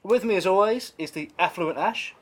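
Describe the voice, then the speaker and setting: A man's voice: high-pitched, animated, moderate pace, fairly bright tone. A man hosting a podcast, chatting casually with teasing, sweary banter. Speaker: podcast host.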